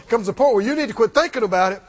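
A man preaching a sermon, telling the story with animated delivery, acting out quoted lines and chuckling often. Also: high-pitched, a little fast, lo-fi sound.

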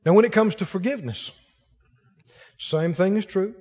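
A man's voice: sits high, normal speed, big-room sound, lo-fi sound. A man preaching a sermon as pastor, acting out the voices of the people in his stories. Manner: animated preaching, acts out quoted voices.

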